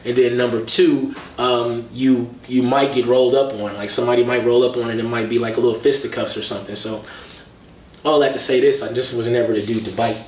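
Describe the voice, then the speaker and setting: A man chats as an interview guest, telling lively stories full of slang. His voice sits at an ordinary pitch. He is picked up from a distance in an echoey room, with faint noise underneath. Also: brisk. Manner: animated storytelling with slang. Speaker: hip-hop artist and guest. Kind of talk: casual interview conversation.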